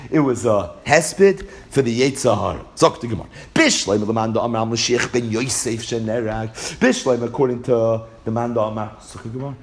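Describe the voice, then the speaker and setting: A man's voice: mid-range voice, a little fast, few pauses. A man teaching a Gemara class, chanting the Aramaic text and then explaining it in Yeshivish English with rhetorical questions. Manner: rhetorical questions, rising to emphatic peaks. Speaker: Talmud teacher.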